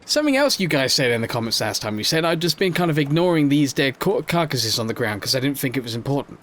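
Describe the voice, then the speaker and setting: Male let's play host, mid pitch, joking self-deprecating game commentary. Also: sing-song, quick pace, a bit bright, a little hiss or hum. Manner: playful, self-mocking, jokes while playing. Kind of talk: gameplay commentary.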